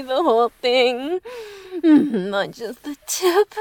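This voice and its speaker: Woman, intimate role-play audio; breathy, pleading delivery with a swooping, animated voice and dry close sound. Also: sits high, takes it slowly, no room sound. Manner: soft whispered passages.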